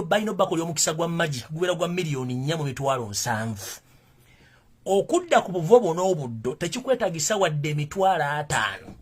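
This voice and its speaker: A man with a husky voice giving heated, scolding commentary that builds to emphatic outbursts. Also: on the high side.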